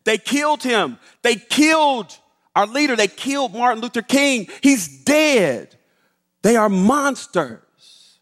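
A man's voice: very high voice, big pitch swings, takes it slowly, fairly bright tone, voice pushed up, exaggerated voice. A man voicing a grieving middle-aged woman who works as a domestic, speaking with anguish and insistence. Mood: grief-stricken.

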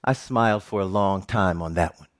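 A middle-aged television reporter tells a personal story during a talk, keeping a moderate pace. His delivery is animated and jokey, full of big pitch swings.

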